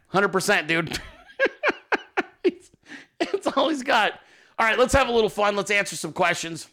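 Male podcast host, casual and profane, jokey, lively swooping delivery, fairly high voice, a tense, sharp edge to the tone. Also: creaky. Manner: profane, joking, quick to laugh.

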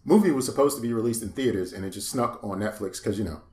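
A man co-hosting a casual podcast chat, relaxed and agreeable, chiming in with short replies. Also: on the low side, fast, roomy sound. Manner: laid-back, agreeable, chiming in. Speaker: podcast co-host.

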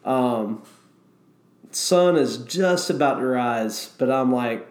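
A man's voice: medium pitch, takes it slowly, a little hiss or hum. A man casually telling a story about his river guiding days, swearing freely and acting out the quotes. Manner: animated, swears, acts out quotes.

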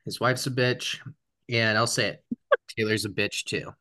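A man's voice: lowish voice, steady tone, moderate pace, sharp tone. A young man on a sports podcast, brash and trash-talking. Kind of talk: casual sports chat.

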